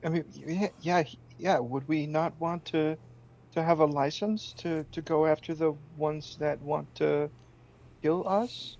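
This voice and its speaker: Male tabletop player, higher voice, halting, on a muffled lo-fi mic. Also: fairly even intonation, a little mellow. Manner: hesitant, repeats words. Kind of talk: casual tabletop play.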